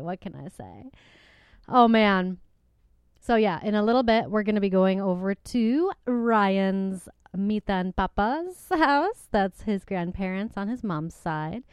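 A woman's voice: mid-range voice, a little mellow, clean tone, dry recording. Bubbly giggly woman podcast host. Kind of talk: casual chat. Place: home. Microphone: desk microphone.

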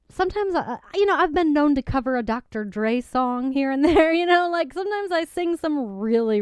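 A woman's voice: mid-range voice, a little mellow, clear, resonant tone, no echo. A young woman vlogging from her apartment, chatting casually about singing, giggling often and using lots of fillers. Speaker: singer and vlogger. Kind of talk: casual chat. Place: apartment with a piano.

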